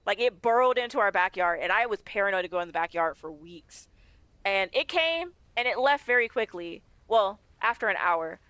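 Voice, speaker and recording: Bright, chatty woman streamer. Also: mid-range voice, lively intonation, moderate pace, dry recording. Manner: chatty, laughs often, acts out quoted dialogue. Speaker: game streamer. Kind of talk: casual storytelling while gaming. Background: faint game music.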